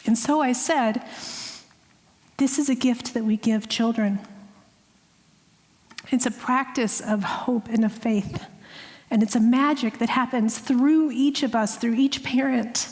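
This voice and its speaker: A woman giving a heartfelt, earnest sermon as guest speaker, sometimes dropping to a hushed voice. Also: on the high side, fairly even intonation, a little slow, long pauses. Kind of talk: sermon with personal story. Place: spiritual center sanctuary. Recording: long hall reverb.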